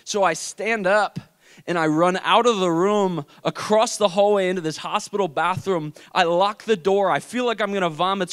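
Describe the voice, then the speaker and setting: A young adult man telling an emotional personal story in a faith talk, swinging from hushed to intense. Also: high voice, clear, resonant tone. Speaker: speaker.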